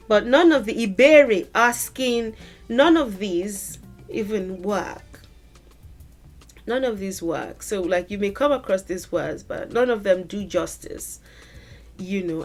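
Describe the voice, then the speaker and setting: Female language teacher, mid-pitched, slow and conversational, models pronunciations as she explains. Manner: thoughtful, conversational, pauses to rephrase and model pronunciations. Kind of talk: explaining word meanings to camera.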